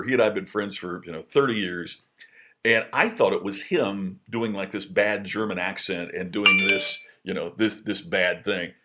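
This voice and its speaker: A middle-aged man tells a personal anecdote in a loose, chatty monologue. His voice sits at a middle pitch but ranges widely, often leaping up when he is excited. He restarts his sentences a lot as he goes. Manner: animated, lots of restarts, jumps high in pitch when excited. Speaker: podcast host telling a personal story. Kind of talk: casual storytelling monologue.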